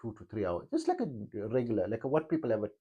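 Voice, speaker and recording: Husky-voiced man rambling on. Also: mid-range voice, huge pitch swings, fast, warm tone, muffled recording. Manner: meandering, many fillers and restarts. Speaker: yoga teacher. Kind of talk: rambling personal monologue.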